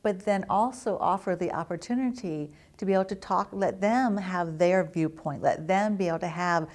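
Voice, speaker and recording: A woman's voice: lowish voice, normal speed, darkish tone. A middle-aged woman, a family therapist, explaining to parents in an earnest, instructive way. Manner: earnest, explanatory, acts out children's quotes. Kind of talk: educational talk to parents.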